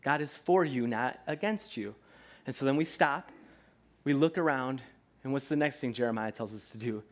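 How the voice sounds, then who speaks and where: A pastor, probably in his thirties, delivers a relaxed, conversational sermon in a church sanctuary. He has a mid-range voice and a moderate pace, often checks in with "right?", and slips into playful voices.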